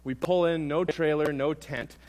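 A young man preaching a sermon, telling a comic personal story in an animated, self-mocking way. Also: on the high side, moderate pace.

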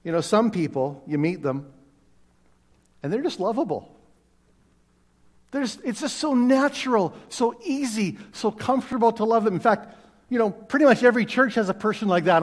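A middle-aged man from Canada preaching a sermon to his church, telling stories in a conversational way with self-deprecating humor. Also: high-pitched. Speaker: pastor. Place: church sanctuary. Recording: long reverb of a church hall.

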